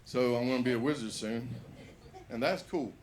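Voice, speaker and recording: A man's voice: medium pitch, moderate pace, darkish tone, slight background noise. A man telling a rambling, profane stand-up story at an open mic in a comedy bar.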